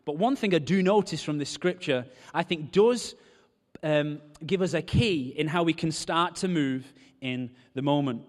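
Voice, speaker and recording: Unhurried and fairly high-pitched, this preacher tells stories and trades jokes with his congregation in a lively, humorous sermon. The recording carries the long reverb of a hall.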